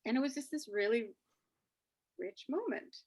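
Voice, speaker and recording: A woman's voice: a little high, normal speed, husky. A woman hosting a casual, reflective chat, telling stories animatedly. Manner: animated storytelling, acting out quoted dialogue. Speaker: host.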